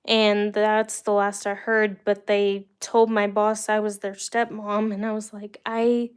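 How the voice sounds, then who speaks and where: A woman's voice: mid-range voice, monotone, measured pace, clean tone. A young woman from the United States hosting a livestream, telling rambling personal stories in a chatty, casual way with the odd laugh. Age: young adult. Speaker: livestream host. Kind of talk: casual storytelling to live viewers.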